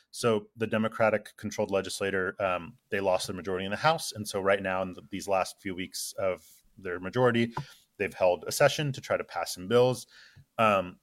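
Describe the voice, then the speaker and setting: Man with a low, dry voice. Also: fairly bright tone, no room sound. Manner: loose, filler-heavy, dryly sarcastic. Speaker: guest correspondent. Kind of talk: casual political chat.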